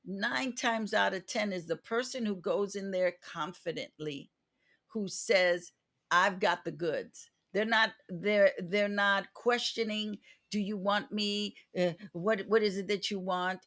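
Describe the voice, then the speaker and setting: A woman's voice: mid-range voice, a bit bright. A woman hosting a podcast interview, an actress giving advice drawn from her own experience.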